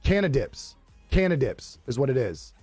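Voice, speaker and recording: A man's voice: medium pitch, very animated, normal speed, a little mellow, breathy edge, no room sound, soft background music. A young man live streaming, chatting casually with viewers in a laid-back, profane way and laughing often. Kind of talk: casual chat reading viewer comments.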